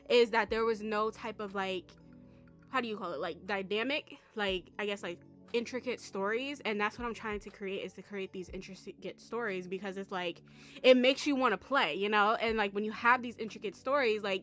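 A young woman vlogging casually about a life-simulation game, excitable and rambling, with lots of fillers. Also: mid-range voice. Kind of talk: casual chat.

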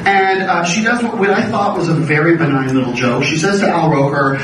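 Male comedy writer, high-pitched, animated storyteller; echoey distant recording with background noise. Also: brisk. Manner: animated, punchy anecdote delivery. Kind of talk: comic storytelling.

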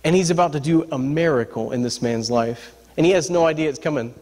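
A male pastor with a high voice delivers a lively, humorous sermon, often stopping to ask his congregation for an "amen". His voice carries a long reverb from a large church sanctuary. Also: a little fast. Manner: lively, talks straight to the congregation with repeated "amen?" and "right?"; humorous, folksy storytelling.

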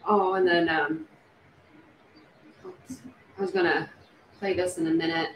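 A woman's voice: fairly low pitch, fairly even intonation, unhurried. Woman rambling on a livestream, lots of ums and likes, echoey room, faint hiss. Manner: rambling, speculative, many fillers and restarts. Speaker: true crime livestream host. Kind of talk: casual livestream chat.

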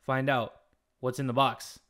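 A young man commentating a video game, excitable, joking and swearing. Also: medium pitch, a little slow. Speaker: gaming channel host. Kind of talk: let's-play commentary.

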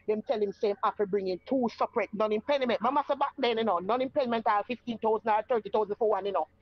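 A woman's voice: mid-range voice, no room sound, highs cut off. A woman with a Jamaican accent tells her own story in casual talk and acts out the voices of the people in it. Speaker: guest telling her story.

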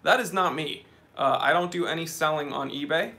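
Bright-voiced man hosting a chatty live stream. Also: a little high, fairly quick, creaky. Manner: reads out viewer names and comments, chatty and joking. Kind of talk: casual live stream chat. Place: office.

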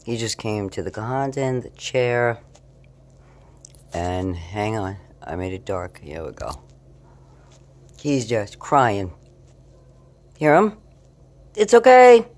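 Low-voiced woman cooing at her cat. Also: lively intonation, slow, pauses often. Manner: swings between low murmurs and cooing talk to her cat. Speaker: vlogger. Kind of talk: casual night-time video diary. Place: her apartment at night.

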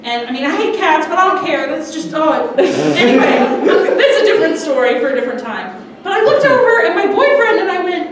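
A woman's voice: high voice, very animated, quick pace, hardly any pauses. A young woman doing a stand-up comedy set in a small restaurant, chatty and giggly, swearing freely. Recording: echoey room, mic from far off, crowd noise. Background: audience reacting.

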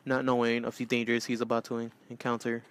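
Male host, goofy let's play commentator, excitable, prone to yelling, mid-pitched voice. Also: fast. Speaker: gaming channel host.

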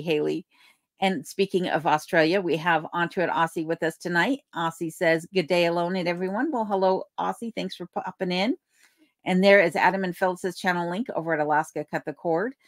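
A woman's voice: fairly low pitch, no echo, studio quality. A woman hosting a casual livestream from her home in remote Alaska, reading out viewer comments, thanking people by name and laughing easily. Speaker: livestream host. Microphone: desk microphone.

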